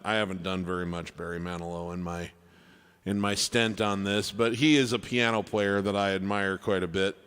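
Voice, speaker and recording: A man's voice: on the low side, a bit bright, long reverb tail. A man hosting a live piano stream, chatting casually with viewers and greeting them by name. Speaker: livestream piano player and host. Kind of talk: casual chat with livestream viewers. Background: piano playing.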